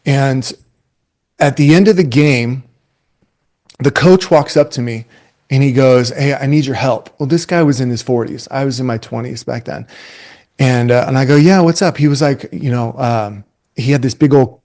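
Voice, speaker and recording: Energetic man in his forties telling stories. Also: mid-range voice, moderate pace. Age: 40s. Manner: energetic, conversational, retells stories with animated quoted voices. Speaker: webinar presenter and youth coaching speaker. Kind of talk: casual storytelling talk to coaches.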